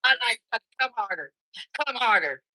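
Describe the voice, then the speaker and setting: Older woman, sassy, brassy, high voice, very bright tone. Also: expressive, moderate pace, low-quality recording. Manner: sassy, brassy, keeps calling others honey. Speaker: live-stream debate guest. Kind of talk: heated live-stream argument.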